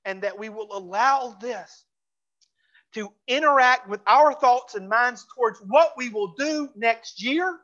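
A pastor preaching a sermon in a church, fervent and repeating phrases for emphasis, dropping to a hush for closing pleas. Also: mid-range voice, unhurried, dull audio. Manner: drops to a hushed voice for closing pleas. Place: church sanctuary.

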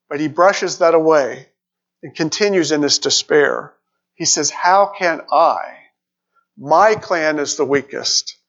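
A man delivers a sermon, reading scripture aloud and pausing to ask his listeners questions. His voice sits a little high for a man. The recording is dull and lo-fi. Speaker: preacher.

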